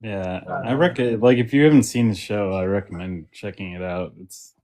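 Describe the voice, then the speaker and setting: Man, low-ish voice, podcast co-host, casual chat, rambling, lots of fillers. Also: expressive, moderate pace, a little mellow. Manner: rambling, with many fillers and restarts.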